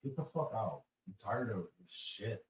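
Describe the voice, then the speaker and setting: A man's voice: lowish voice, animated, moderate pace, a crowd in the background. A man joining a casual livestream chat, talking bluntly and swearing freely. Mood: angry. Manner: blunt, profane outbursts.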